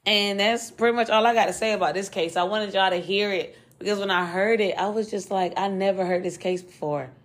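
Woman podcaster going solo, low-ish voice, talks fast, cusses a lot. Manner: fast, loose and slangy, swears freely. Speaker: podcast host. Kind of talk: casual solo podcast chat.

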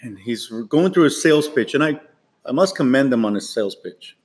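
A man co-hosting a podcast in relaxed, casual conversation. He tells stories and acts out his own lines in quotes. His voice sits at an average pitch for a man. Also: brisk. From small-town California. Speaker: podcast co-host. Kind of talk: casual chat.

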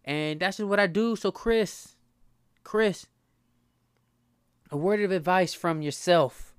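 A man in his thirties from Southern California, hosting his own podcast in a casual monologue, talking fast, stumbling and stuttering, and swearing freely. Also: high voice, clean tone, dry recording, studio quality. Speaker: podcast host.

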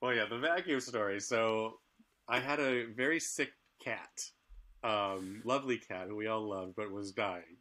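A man's voice: fairly low pitch, measured pace, sharp tone. A middle-aged man co-hosting a casual chat, speaking candidly and laughing often. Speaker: podcast co-host.

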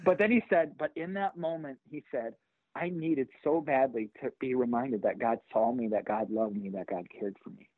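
A middle-aged man, a pastor and author, telling a personal story in an interview with animated energy, acting out the voices of the people in it. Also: mid-range voice, normal speed, no echo. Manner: animated, acts out quoted voices. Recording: tinny phone-like line.

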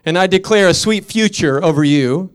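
A man's voice: sits high, normal speed, smooth. A middle-aged man preaching a fervent sermon as pastor, telling stories between declarations.

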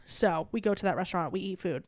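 A woman's voice: fairly low pitch, fast talker, no room sound, studio quality. A young adult woman on a comedy podcast, telling a story in casual chat, acting out the quotes and swearing freely. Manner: animated, acts out quoted dialogue, swears casually. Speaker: podcast co-host.

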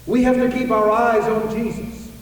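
A man's voice: very high-pitched, level tone, moderate pace. A man preaching a sermon to his congregation, emphatic and full of rhetorical questions, recorded in a church. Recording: echoey hall reverb.

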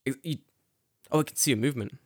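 A young man chatting casually on a podcast, telling a story with lots of swearing and acting out the quotes with sudden loud, high jumps in his voice. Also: fast talker, husky, no room sound, clean studio sound. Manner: animated, swearing, acts out quotes with big jumps in pitch. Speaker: podcast co-host.

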